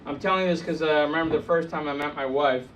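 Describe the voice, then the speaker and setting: High-voiced comic teasing the crowd. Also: male voice, fast talker, fairly bright tone, highs cut off. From India. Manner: dry, teasing crowd work. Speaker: stand-up comedian. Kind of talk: stand-up set. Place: comedy club stage. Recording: distant mic, noisy club.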